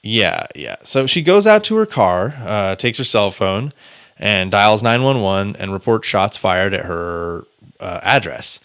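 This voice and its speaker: A man with a fairly low voice tells a true-crime story on a podcast. He talks loosely and casually, full of "uh" and "like", and swears now and then. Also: sing-song, a little slow, fairly bright tone, clear, resonant tone. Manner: loose and chatty, many fillers and restarts, swears casually. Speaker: podcast host.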